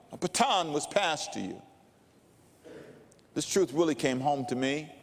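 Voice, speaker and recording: An older male pastor preaching a sermon, telling stories slowly and dramatically. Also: mid-range voice. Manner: slow, dramatic preaching with storytelling. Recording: long reverb of a large hall.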